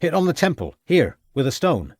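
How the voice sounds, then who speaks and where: A man's voice: a little high, sing-song, normal speed, a little mellow, dry recording, studio quality, voice pushed up. A man reading an audiobook, voicing a blunt male police sergeant with terse questions.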